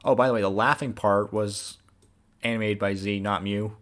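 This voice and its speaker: Male series creator doing a casual commentary voice-over; somewhat low voice, loose and rambling. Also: fairly even intonation, moderate pace, a bit bright. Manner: casual, rambling, with many fillers.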